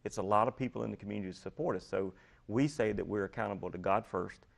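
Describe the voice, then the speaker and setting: Man, low voice, gravelly, earnest steady explainer, repeats key phrases, interview guest. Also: fast talker. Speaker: guest, ministry program leader. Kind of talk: explaining in a talk show interview.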